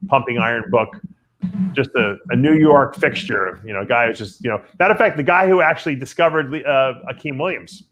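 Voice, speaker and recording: Rambling, animated male podcast host. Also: mid-range voice, fairly quick, background noise. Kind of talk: casual radio show chat.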